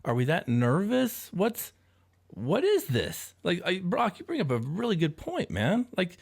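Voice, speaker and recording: A man's voice: high voice, huge pitch swings, unhurried, vocal fry. A man hosting a casual podcast chat, asking probing questions and swearing casually.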